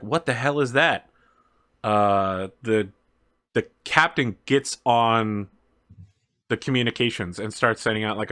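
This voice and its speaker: A man with a mid-range voice acts as game master for a tabletop game, narrating the scene in a relaxed manner full of fillers and quick asides.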